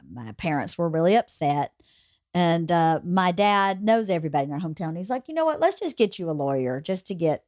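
A woman's voice: fairly low pitch, no room sound, studio quality. A woman hosting a podcast, telling a funny personal story in casual chat and laughing through it. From small rural town in the US. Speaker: podcast host.

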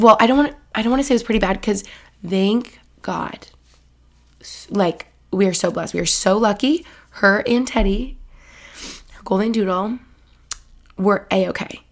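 A young woman hosting her own podcast, chatting casually and gushing, with lots of "like"s and asides dropping to a whisper. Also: medium pitch. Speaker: podcast host. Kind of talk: casual solo chat.

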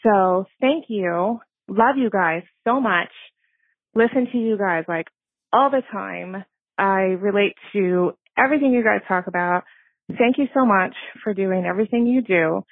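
A woman's voice: medium pitch, unhurried, no echo. 50s lady calling in with a personal story, nervous but earnest, laughing at herself, tinny phone sound. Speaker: caller leaving a voice message.

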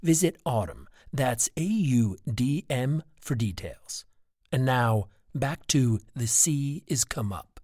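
Guy doing an upbeat promo read, lively bouncy pitch, dry close mic. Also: takes it slowly, dry recording. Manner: smooth, upbeat promotional delivery. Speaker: announcer.

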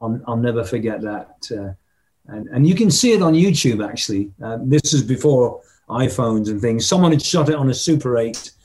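A man's voice: medium pitch, animated, moderate pace, a little mellow. An older man telling a story in conversation as a rock drummer guest, reminiscing with emotion and humming drum rhythms.

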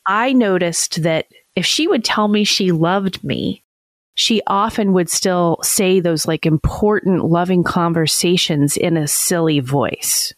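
A woman's voice: fairly low pitch, takes it slowly, no echo. A woman in her forties co-hosting a podcast, talking reflectively about raising her kids and laughing easily. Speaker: podcast co-host. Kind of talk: casual conversation.

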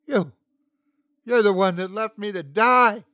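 A man's voice: expressive, moderate pace, dry recording. A man putting on a shrieking, sobbing young woman. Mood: accusing. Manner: shrill, whimpering, desperate. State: sobbing, hoarse. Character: frightened injured young woman, sobbing and pleading.

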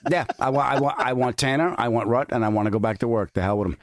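A man's voice: mid-range voice, fast talker, no room sound, clean studio sound. A man hosting a podcast in casual chat, telling jokey stories. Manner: storytelling, jokey. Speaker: podcast host.

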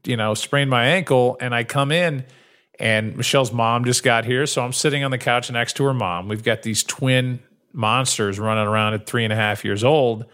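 A man's voice: mid-range voice, steady tone, normal speed, a bit bright. Rambling male podcast co-host. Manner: rambling storyteller, acts out quotes. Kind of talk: casual chat.

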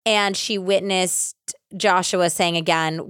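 A woman hosting a true crime podcast, casually retelling a case with animated acted-out quotes and lots of "like". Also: fairly low pitch, takes it slowly, clear, resonant tone, no echo, clean studio sound. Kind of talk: casual storytelling.

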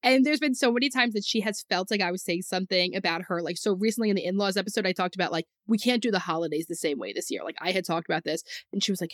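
Woman, podcast co-host, casual chat, fast talker, laughs often, dry sound. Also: mid-range voice, no room sound. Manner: chatty, laughs often, many "like" fillers.

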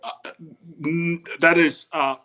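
A man in his forties, a former football player, telling animated anecdotes in a casual chat and acting out the people in them. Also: on the high side, slow, smooth. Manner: animated anecdotes with repeated starts, quotes others. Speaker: guest, former football tight end.

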